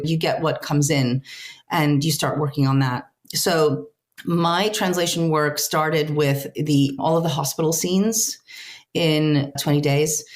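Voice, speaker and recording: A woman with a notably deep, low-pitched voice speaks as an interview guest. She answers in an earnest, reflective way, pausing and restarting as she searches for words. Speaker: translator guest.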